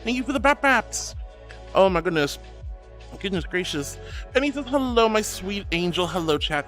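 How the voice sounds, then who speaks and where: A man's voice: high-pitched, sing-song, normal speed, fairly bright tone, soft background music. A man streaming live as a VTuber, reading out viewer messages and thanking them in a gushing, giggly way.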